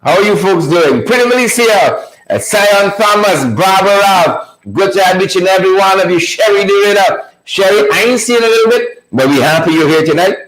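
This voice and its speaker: A man's voice: high voice, moderate pace, a bit bright, echoey room, rough recording. A man with a Guyanese accent hosting a live stream, greeting viewers by name in a playful way and laughing often. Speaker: livestream host.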